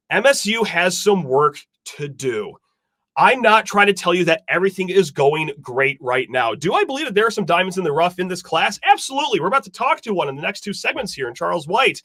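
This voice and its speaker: A man's voice: a little high, bright, forceful tone, no echo, clean studio sound. A man hosting a sports podcast, talking in an emphatic, fired-up way straight to his listeners. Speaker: podcast host. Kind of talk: animated sports podcast talk.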